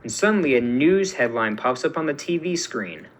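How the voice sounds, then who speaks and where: A man narrating a fan-written story aloud in a plain, steady storytelling manner. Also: medium pitch, normal speed, poor audio.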